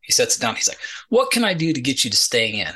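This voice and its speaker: A man's voice: mid-range voice, fast, breathy edge, low-quality recording. A middle-aged man, a retired Army sergeant guest on a podcast, telling a story casually and acting out the people in it. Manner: animated storyteller acting out quoted dialogue, many repeated "he's like".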